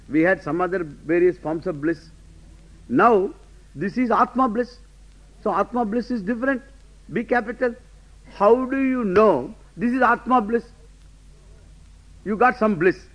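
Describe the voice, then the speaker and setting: A man teaching a lecture class, emphatic, often asking rhetorical questions and laughing to himself. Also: sits high. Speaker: Vedanta teacher. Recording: dull lo-fi lecture recording.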